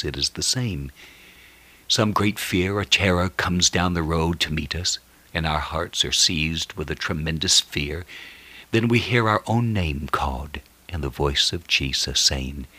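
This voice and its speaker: A man's voice: a bass voice, animated, unhurried, sharp tone, slightly rough. A man preaching a sermon and praying, with an earnest, prayerful delivery.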